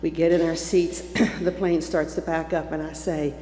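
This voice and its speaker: Older woman with a low voice telling a story from the pulpit, recorded with long church reverb and faint hum. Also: normal speed. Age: 70s. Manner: lively, acting out the voices in her story. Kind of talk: personal storytelling to a congregation. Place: church sanctuary.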